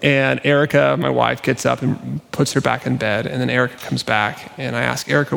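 A man's voice: medium pitch, level tone, moderate pace, creaky, fairly bright tone. A male pastor giving a sermon in an earnest, conversational, self-deprecating way. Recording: long reverb of a church hall.

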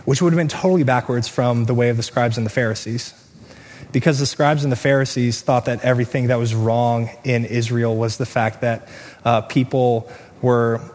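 A pastor delivering an earnest sermon, moving between quick asides and slow, stressed lines. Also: male voice, mid-range voice, a little mellow. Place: church sanctuary. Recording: reverberant hall, faint room noise.

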